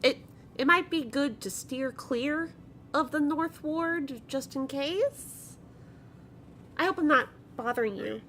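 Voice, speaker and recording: A shrill, fretful little caller with a raised, loud voice, stumbling and apologizing over a line with faint noise behind, as a woman puts it on. The delivery is hesitant and rambling. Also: slow pace, exaggerated voice. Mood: anxious.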